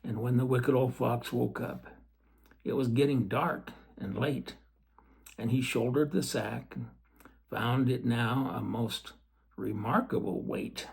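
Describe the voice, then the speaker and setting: Slow, gravelly male storyteller. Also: mid-range voice. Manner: gentle, with chatty asides to the listener. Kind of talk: storybook read-aloud.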